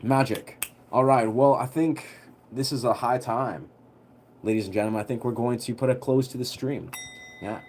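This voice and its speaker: A man's voice: mid-range voice, moderate pace, darkish tone, slight background noise. Laid-back rambling young man. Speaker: livestreamer. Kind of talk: casual storytelling on a livestream.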